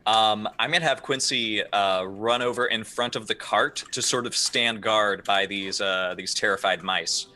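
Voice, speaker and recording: A man's voice: fairly low pitch, unhurried, few pauses. A man playing a tabletop game, chatting casually and trailing off while he explains the rules. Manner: animated, hesitant when explaining rules. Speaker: player.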